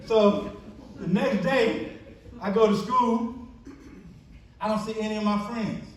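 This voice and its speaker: Recorded far from the mic, a high-pitched man delivers a testimony speech as keynote at a church banquet hall with echoey acoustics. He tells stories and breaks into animated bursts while voicing friends he quotes.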